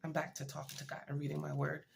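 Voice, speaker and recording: A woman speaks to her viewers in a loose, heartfelt vlog, rambling a little as she shares personal news. Her voice sits low and has a gravelly fry to it. She sounds worn out and tired. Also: completely flat delivery, fast. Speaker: motivational vlogger. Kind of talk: casual personal talk to camera.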